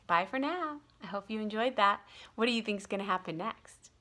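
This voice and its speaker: A woman tutor reading a children's storybook aloud in an expressive way. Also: medium pitch, normal speed. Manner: expressive, animated.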